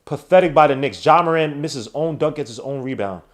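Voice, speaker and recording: A man hosting a live watch-along podcast, calling the basketball game play by play with slangy, excitable talk that breaks into shouts at big plays. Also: on the high side, fairly quick. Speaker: podcast host doing play-by-play.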